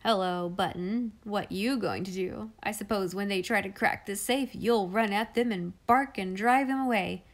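A woman's voice: medium pitch, normal speed, hardly any pauses, lightly acted. A woman voicing a hearty, bantering young man in a read-aloud storybook. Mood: jolly. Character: cheerful joking young man.

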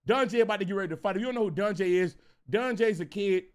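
A man telling a casual storytime, animated and profane, repeating himself as he goes. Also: high voice, quick pace, clean tone. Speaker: storyteller vlogger.

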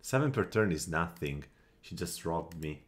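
Deep-voiced male game commentator at his desk mic, musing and tallying out loud, short bursts of frustration. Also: lively intonation, a little hiss or hum. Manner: thinks aloud, counts under his breath, quick flashes of annoyance. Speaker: gameplay commentator. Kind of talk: casual strategy game commentary.

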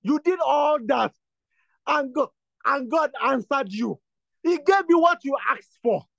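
A man with a very high voice leads a prayer meeting, pressing the same phrases again and again and rising into fervent bursts. His voice sounds dry and close, with no room echo. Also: animated, measured pace, creaky, a bit bright. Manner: repetitive, insistent, builds to fervent bursts. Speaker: prayer leader. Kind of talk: exhortation and spoken prayer.

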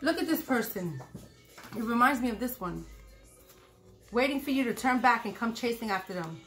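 A woman's voice: fairly high pitch, animated, moderate pace, soft background music. Blunt, cursing woman reading tarot. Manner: blunt, profane, repetitive; acts out quoted lines loudly. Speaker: tarot reader.

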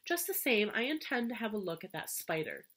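A woman's voice: medium pitch, very animated, a little fast, fairly bright tone. A woman voicing a practical, skeptical farm wife in a read-aloud storybook. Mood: firm.

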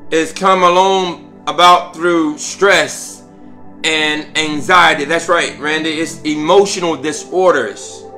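A man's voice: on the high side, fairly bright tone. A man leading a prayer call, preaching fervently, repeating himself with stammered restarts and calls of praise. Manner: interjects "glory to God" and "hallelujah".

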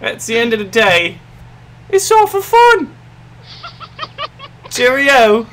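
A man's voice: very high voice, huge pitch swings, very slow, fairly bright tone, a little hiss or hum, voice pushed up, exaggerated voice. A man voicing a bumbling WWII bomber pilot in a mock British accent, with rousing speeches and broken grammar. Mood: chatty. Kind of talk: gaming commentary.

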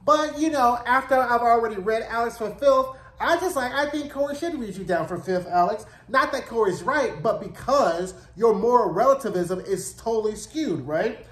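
A man's voice: very high-pitched, animated, normal speed, few pauses, a bit bright, reverberant. A man giving a casual, profane and opinionated recap of a TV episode. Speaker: show reviewer.

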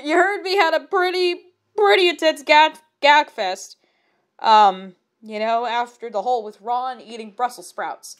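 High-voiced woman reading aloud, laughing. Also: moderate pace. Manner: laughs often, stumbles over words. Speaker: reader of fan fiction. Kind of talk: reading aloud with comic commentary.

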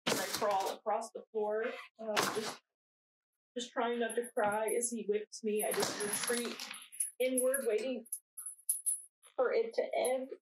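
A young woman acting a shaken narrator in a dramatic monologue, speaking slowly and haltingly with long pauses. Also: on the high side, fairly even intonation, natural voice. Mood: haunted. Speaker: narrator recounting her own ordeal. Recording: distant mic with faint noise.

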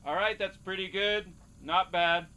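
An actor playing a tired male casting director running auditions in a flat, businesslike way. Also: high-pitched, a little slow. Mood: bored.

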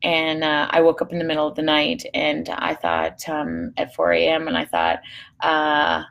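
A woman's voice: low-pitched, moderate pace, gravelly, a bit bright, slight background noise. A woman psychologist hosting a live show, telling a personal story in a candid, blunt way, swearing freely and trailing into fillers. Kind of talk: casual storytelling to a live audience.

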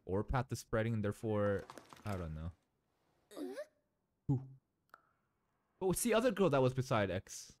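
A man hosting an anime reaction video, excitably thinking out loud and laughing often. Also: fairly low pitch, normal speed, pauses often, no echo. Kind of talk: live reaction commentary.

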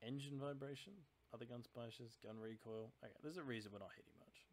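Brisk and medium-pitched, this man hosts a channel where he plays a naval strategy game. He gives casual commentary and reasons through tactics aloud in a chatty, analytical style.

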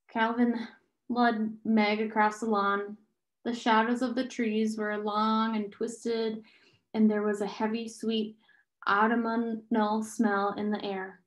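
A woman's voice: fairly high pitch, flat delivery, slow. A woman steadily reading a novel aloud in an echoey room. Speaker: reader.

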